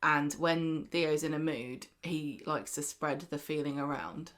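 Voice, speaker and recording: A woman co-hosts a casual chat podcast, retelling events with animated quoted voices. Her voice sits a little low for a woman. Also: measured pace. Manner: lively storyteller who acts out quotes. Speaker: podcast co-host. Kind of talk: casual chat recapping a soap.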